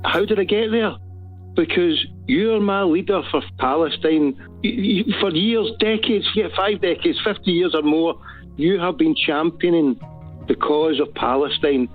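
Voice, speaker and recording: A man's voice: fairly high pitch, unhurried. A man with a Glaswegian accent calling into a talk show, speaking in a fervent, rambling way that builds to urgent appeals. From Glasgow. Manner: fervent, rambling, rising to exhortation. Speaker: phone-in caller. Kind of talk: casual phone-in call. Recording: tinny phone line with faint music.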